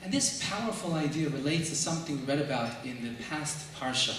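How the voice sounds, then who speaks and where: A man preaching a sermon as a rabbi, telling stories and posing rhetorical questions with measured emphasis. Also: fairly high pitch, fairly bright tone, slight background noise. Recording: echoey hall, mic far off.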